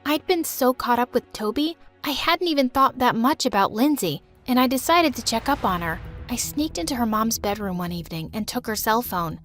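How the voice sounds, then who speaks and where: A woman's voice: a little high, expressive, normal speed, few pauses, a bit bright, soft background music. A woman narrating a first-person drama story in a dramatic, emotional way.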